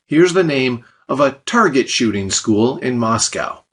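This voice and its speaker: A man's voice: mid-range voice, lively intonation, a little slow, fairly bright tone, husky. A man narrating a scripted language lesson, explaining step by step with light, dry jokes. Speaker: language teacher.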